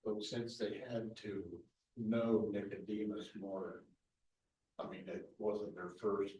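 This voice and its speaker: A man's voice: fairly low pitch, a little mellow, a little hiss or hum. A man in the class, speaking up casually from a distance. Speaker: class member. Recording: distant, echoey room.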